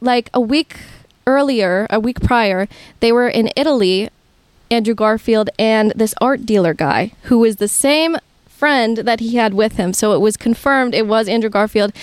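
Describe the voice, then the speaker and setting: Young woman spinning a lively story. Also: on the high side, normal speed, clear, resonant tone, no echo. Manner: animated, swears freely, laughs mid-sentence. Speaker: podcast co-host. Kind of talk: casual storytelling chat. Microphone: headset.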